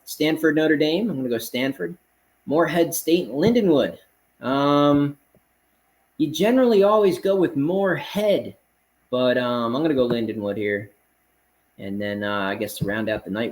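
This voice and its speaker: Confident guy giving betting picks, mid-pitched, blunt and brash. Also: low-quality recording. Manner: confident, blunt, brash, calls listeners man. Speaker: sports betting picks host. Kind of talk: casual rapid-fire betting picks monologue.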